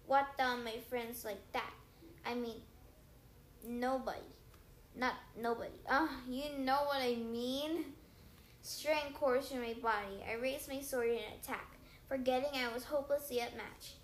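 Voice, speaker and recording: A woman's voice: high-pitched, measured pace, slight background noise. Woman reading a story aloud, roomy sound. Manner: lively, with small stumbles and self-corrections. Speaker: audiobook reader. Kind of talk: first-person story reading.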